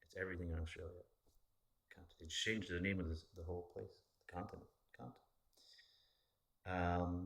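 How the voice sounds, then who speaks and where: A man chatting casually as a podcast host, rambling and swearing freely in an animated way. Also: low voice, normal speed, vocal fry, long pauses. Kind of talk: casual chat.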